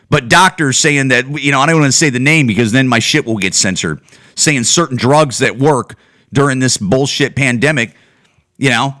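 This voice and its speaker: A man's voice: mid-range voice, sharp tone. A man hosting a solo podcast, ranting in heated, profane commentary full of restarts and repeated words. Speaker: podcast host.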